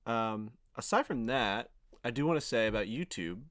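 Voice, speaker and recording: Dude co-hosting a podcast, swears a lot, gets amped telling stories, dry close sound. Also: male voice, medium pitch, moderate pace, dry recording. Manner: animated storytelling, heavy swearing. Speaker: podcast co-host. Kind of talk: casual chat.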